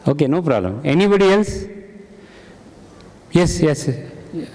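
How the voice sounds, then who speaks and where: Unhurried and sing-song, his darkish voice leaning high, the man conducts an interactive spiritual discussion. He asks the gathered audience questions and repeats their answers, his words ringing with long hall reverb.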